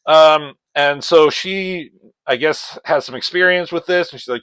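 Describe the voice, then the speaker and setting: A man's voice: on the high side, normal speed, fairly bright tone, clean tone, no room sound, low-quality recording. A man giving a casual comic book review, rambling and swearing as he retells the story. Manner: profane, rambling, retells scenes in voices.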